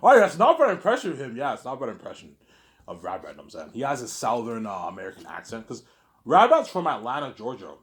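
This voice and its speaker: A man rambling through a casual monologue, his pitch bouncing up and down. He stammers and repeats words as he goes, tacking on the same filler word again and again. His tone is loose and conversational. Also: huge pitch swings, quick pace. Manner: rambling, stammering repeats, keeps saying "obviously". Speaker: YouTuber.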